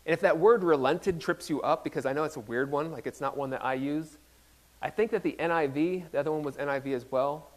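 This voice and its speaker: A man's voice: fairly high pitch, a little fast. A man pastor giving a casual, conversational sermon in a playful, self-deprecating manner, often restarting his sentences.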